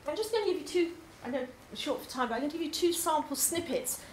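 Her voice is high with lively intonation, and she talks fast. This English poetry tutor presents her course to a group in a labour club hall, enthusiastic, chatty and full of ums, and the recording carries the hall's echo and a little faint noise.

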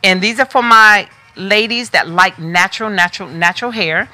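Bright-voiced chatty woman hosting a sales stream. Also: medium pitch, moderate pace, faint music behind. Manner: chatty, talks straight to viewers. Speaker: wig shop host selling on a live stream. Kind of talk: casual live product demo.

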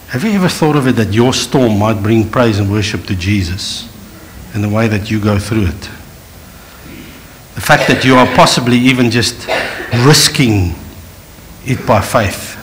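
A man's voice: on the low side, a little hiss or hum, rough recording. A middle-aged man with a South African accent preaching a sermon, acting out the Bible scenes in different voices and switching between storytelling and direct address. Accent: South African English. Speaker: pastor.

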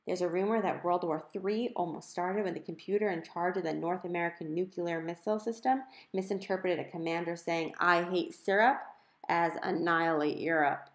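A woman with a fairly low voice reads a novel aloud, telling the story in a clear, conversational way. The recording carries a noticeable roomy echo. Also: steady tone, a little fast, few pauses, a little mellow. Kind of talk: audiobook narration.

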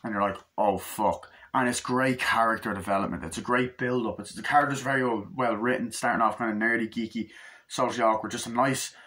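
A man reviewing a film in a loose, excited way, rambling and swearing a lot. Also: mid-range voice, fairly quick, a little hiss or hum. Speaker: movie reviewer. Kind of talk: casual movie review.

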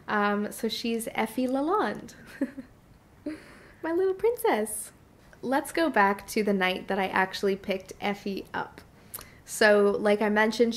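A woman's voice: medium pitch, vocal fry. A woman vlogger talking casually to camera in a heartfelt, chatty way, with frequent fillers. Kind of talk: casual personal vlog talk.

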